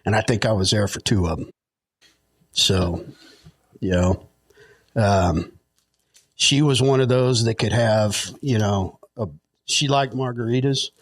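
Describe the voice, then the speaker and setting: A man's voice: fairly low pitch, measured pace, pauses often, dry recording. A middle-aged man, a podcast guest, telling stories in a rambling, chuckling way with lots of fillers. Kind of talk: casual storytelling.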